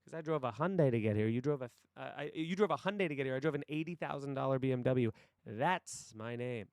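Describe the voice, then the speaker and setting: A man's voice: on the high side, normal speed, clear, resonant tone, no echo, clean studio sound, lightly acted. A man reading a film monologue aloud, playing an abrasive, cocky sales boss who berates his salesmen in a harsh, profane voice. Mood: contemptuous. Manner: harsh, bullying, profane delivery.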